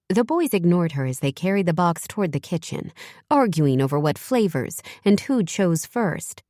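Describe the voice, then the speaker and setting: A woman narrating an audiobook in a measured storytelling manner. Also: on the low side, big pitch swings, a little mellow, no room sound, studio quality. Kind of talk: scripted narration.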